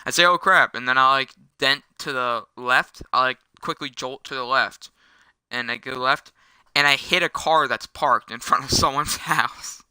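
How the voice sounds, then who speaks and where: A young man tells a personal story in a loose, rambling way, stopping often to restart and correct himself. His voice is very bright and crisp. The sound is dry and close. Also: mid-range voice, fairly even intonation, dry recording. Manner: rambling with many restarts and quick self-corrections. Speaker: storytelling vlogger. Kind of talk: casual storytime while gaming.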